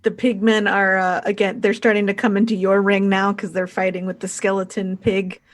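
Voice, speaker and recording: A woman's voice: mid-range voice, little pitch movement, moderate pace. A woman running a tabletop role-playing game as game master, narrating in a loose, rambling way with many fillers.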